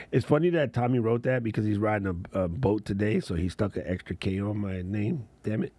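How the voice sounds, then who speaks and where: A man's voice: on the low side, moderate pace, warm tone, dry recording. A man hosting a casual livestream chat as a content creator, laid-back and slangy, laughing often.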